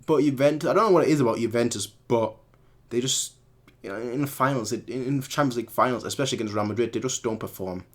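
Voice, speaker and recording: A man's voice: mid-range voice, fast talker. Rambling man answering stream comments. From Munich, Germany. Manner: rambling, repeats words and corrects himself mid-sentence. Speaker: fan channel host.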